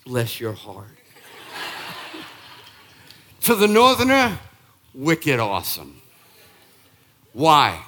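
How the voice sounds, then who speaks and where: A man in his sixties from Boston, preaching a sermon as pastor in an emphatic, punchy way that jumps up in pitch and volume. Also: pushed and bright. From Boston, Massachusetts. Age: 60s. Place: church sanctuary.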